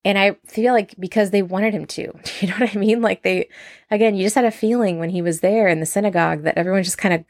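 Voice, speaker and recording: A woman's voice: mid-range voice, fairly even intonation, quick pace, darkish tone, dry recording, clean studio sound. A woman leading a casual verse-by-verse Bible study, reading scripture aloud and then commenting in an enthusiastic, chatty way. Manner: chatty, frequent "like" and laughs.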